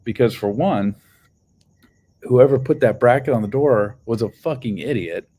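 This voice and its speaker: A man's voice: medium pitch, normal speed, dark tone, slightly rough. A man telling a story on a casual livestream, swearing heavily and rambling loosely with many restarts. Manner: profane, heated storytelling. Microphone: phone on livestream.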